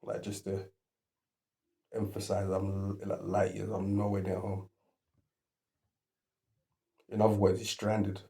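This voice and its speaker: A man's voice: sits low, monotone, takes it slowly, pauses often, mellow. A man hosting a reaction video, rambling as he thinks aloud and keeps restarting his sentences.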